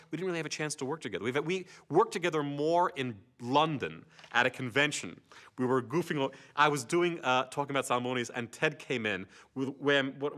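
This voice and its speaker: Speaking at a medium pitch, an older actor looks back casually on his time in a TV series. He's a lively storyteller who drops into comic voices.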